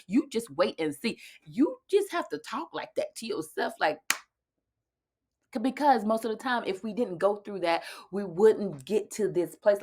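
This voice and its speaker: A young adult woman talking casually to her viewers in a vlog, chatty and animated, laughing often and sometimes dropping to a hush. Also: on the low side. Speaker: vlogger. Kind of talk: casual direct-to-camera vlog talk.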